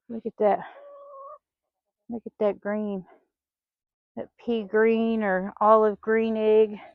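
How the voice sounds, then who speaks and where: In a small farm's outdoor poultry pen, a woman vlogger talks casually through her chores, singing her scoldings at the hens as though they were children. Her pitch is medium with little movement, she draws out her words and pauses often. The recording is dry, dull, and lo-fi.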